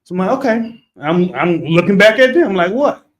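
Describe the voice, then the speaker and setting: A middle-aged man co-hosting a podcast, telling a story in a casual, animated way that turns loud as he retells it. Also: high-pitched, a little fast. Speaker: podcast co-host.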